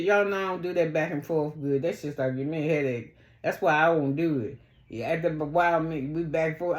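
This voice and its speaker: A woman casually recapping a reality show, blunt and profane, acting out the cast's lines in a much higher voice. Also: darkish tone, echoey room. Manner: blunt, profane, talks back to the cast; acts out quotes in a much higher voice.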